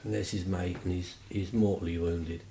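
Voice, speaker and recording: A man's voice: low-pitched, fairly even intonation, moderate pace, dark tone, roomy sound, slight background noise, rough recording. A man telling stories casually, rambling and chatty with lots of fillers. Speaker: vlogger. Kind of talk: casual storytelling.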